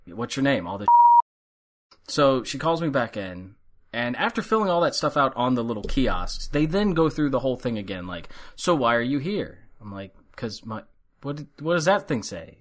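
A man's voice: medium pitch, big pitch swings, moderate pace, fairly bright tone. Wry middle-aged man telling a story. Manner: wry, sarcastic storyteller acting out quoted dialogue. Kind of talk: casual storytelling chat. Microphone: headphones and studio mic.

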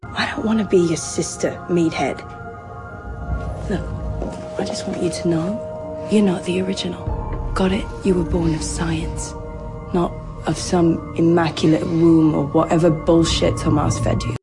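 A woman's voice: fairly low pitch, steady tone, a little slow, long pauses. An actress playing a blunt, tough young woman who talks down to her rival in a cold, cutting way. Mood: contemptuous. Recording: TV clip with loud music behind.

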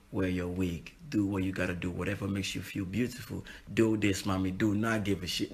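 A man's voice: on the low side, reverberant. A man with a Nigerian accent, a musician giving brash, profane, playful advice in a casual vlog.

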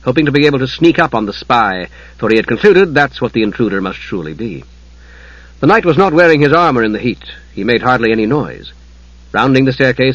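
Husky male fantasy audiobook narrator. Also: medium pitch, no echo, lo-fi sound. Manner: measured, dramatic storytelling.

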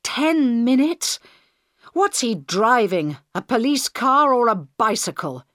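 A woman reading the part of a female prime minister in a crisis, loud, urgent and commanding. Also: a little high, sing-song, slow, no room sound, clean studio sound, pitched above the performer's own voice, heavily acted.

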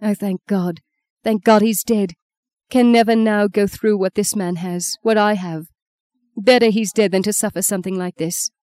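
A woman's voice: mid-range voice, fairly even intonation, dark tone, dry recording, close to an everyday voice. A woman voicing an old grieving cardinal. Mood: anguished. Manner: measured, formal, breaking into grief. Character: seventy-one-year-old male cardinal, grave and grieving.

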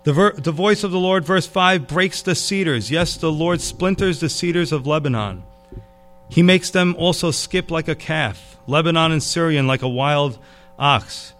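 A man preaching a sermon, animated and casual, dropping to a hushed tone for emphasis. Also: on the high side, moderate pace. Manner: animated, drops to a hush for emphasis. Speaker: pastor.

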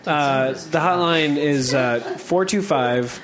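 A man's voice: fairly high pitch, slow pace, a crowd in the background. A man hosting a casual podcast, hesitant with many fillers. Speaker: podcast host. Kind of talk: casual chat.

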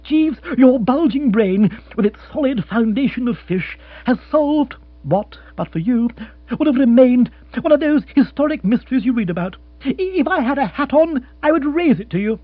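A man voicing an excitable young male aristocrat who talks in a breezy, flustered, exclamatory way. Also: sits high, moderate pace, breathy edge, no echo, voice pushed up, exaggerated voice. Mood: jubilant. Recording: tinny phone-like sound with mains hum.

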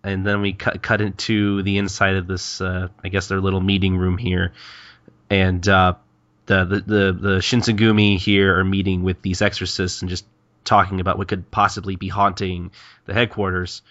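A man's voice: low voice, little pitch movement, normal speed, fairly bright tone, no room sound, dull audio. A male podcast co-host in casual chat, retelling a manga chapter in a chatty, stumbling way with frequent laughter.

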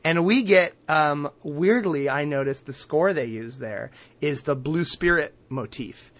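A podcast co-host with a fairly high, fairly bright voice walks through a cartoon episode at a measured pace. He keeps it chatty, laughing often, filling gaps with fillers, and voicing the quotes.

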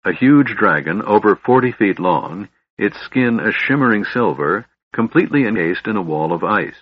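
Husky, expressive male fantasy narrator. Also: lowish voice, moderate pace. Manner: expressive storytelling. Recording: dull, dry lo-fi recording.

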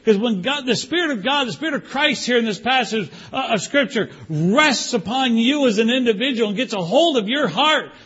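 An older man preaching a sermon as pastor, animated, acting out prayers and pleas in different voices. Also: extremely high pitch, moderate pace, few pauses, slightly rough, lo-fi sound.

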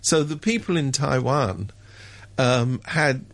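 Wry gravelly man on talk radio. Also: expressive, takes it slowly, dry recording. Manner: wry, sardonic, mimics others with sudden high pitch jumps. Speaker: radio commentator. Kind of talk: casual radio chat.

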